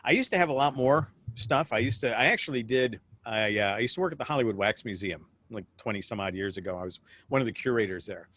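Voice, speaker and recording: A man's voice: fairly low pitch, a bit bright. A middle-aged American man with a rambling, restart-filled way of talking, chatting as a guest on a video call. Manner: rambling storyteller with frequent restarts. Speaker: guest, memorabilia collector. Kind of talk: casual video call chat.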